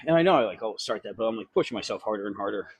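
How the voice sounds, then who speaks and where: A man's voice: on the low side, animated, racing, husky, dry recording. Breathless man chatting on a treadmill. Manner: rambling, profane, self-deprecating. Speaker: fitness vlogger. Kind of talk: casual vlog chat. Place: gym, on an incline treadmill.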